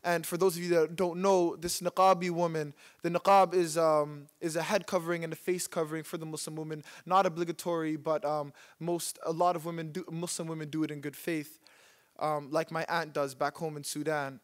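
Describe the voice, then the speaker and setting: Impassioned young man with a high voice. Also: level tone, fairly quick. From Canada. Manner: rhythmic and impassioned, repeating phrases for emphasis. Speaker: speaker at a public talk. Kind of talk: spoken-word poetry and personal storytelling talk. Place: stage before a live audience.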